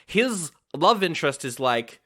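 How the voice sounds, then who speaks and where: A man's voice: fairly high pitch, unhurried. A man co-hosting a podcast who recaps film scenes casually, quoting lines and laughing often. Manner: retells scenes with lively quotes, laughs often. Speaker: podcast co-host. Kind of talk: casual chat reviewing an old film.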